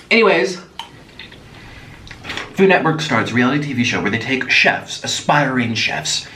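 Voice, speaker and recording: A man vlogging as he eats, chatty and animated, breaking off with sudden gasps and exclamations. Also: medium pitch. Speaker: mukbang vlogger. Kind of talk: casual chat while eating. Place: echoey room at home. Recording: echoey room, voice from a distance, faint noise.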